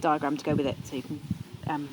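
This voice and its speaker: Enthusiastic woman, low voice. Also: level tone, quick pace, heavy background noise. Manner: enthusiastic, acts out her children's voices. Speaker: podcast co-host. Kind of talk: casual chat.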